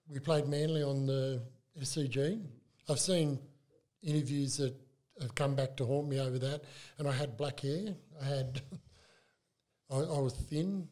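An older Australian man chatting as an interview guest, telling stories in a halting, animated way with frequent restarts. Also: fairly high pitch. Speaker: club mascot performer, guest. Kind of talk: casual interview chat.

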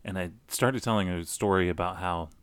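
A middle-aged man telling a personal story casually, animated, with many restarts. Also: low voice, fairly quick, clean tone, no room sound. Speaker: guest storyteller.

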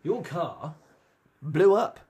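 A man with a husky, breathy voice, chatting casually as a podcast co-host. He asks his friend follow-up questions and cuts in with short, blunt exclamations. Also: fairly high pitch, expressive, extremely slow, darkish tone. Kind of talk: casual chat.

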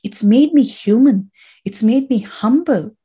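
A woman's voice: a little high, unhurried, warm tone, slightly rough. A woman and native Tamil speaker, a podcast guest, telling her personal story with heartfelt gratitude, emotional and close to tears, often restarting her sentences.

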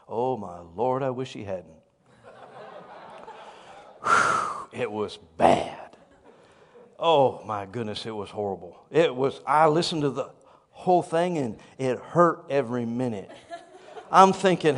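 A man who pastors a church, telling a story in a sermon with animated, self-deprecating humor. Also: medium pitch, unhurried, long pauses, in a large hall.

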